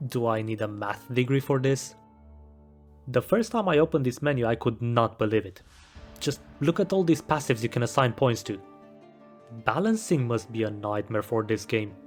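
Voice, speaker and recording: A man's voice: medium pitch, animated, normal speed, soft background music. Wry man narrating a game review. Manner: wry, self-deprecating humor. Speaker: gaming video creator. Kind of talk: scripted game review voice-over.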